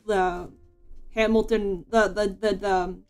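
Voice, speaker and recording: A woman's voice: medium pitch, fairly even intonation, slow, clear, resonant tone, faint music behind. Rambling woman streamer chatting while drawing. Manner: rambling, full of "like" and restarts. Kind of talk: casual chat while drawing.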